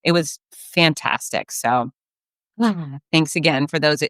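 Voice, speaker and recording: A woman race announcer and podcast host telling a story in a casual, animated way, often laughing. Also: low-pitched, slow, no echo.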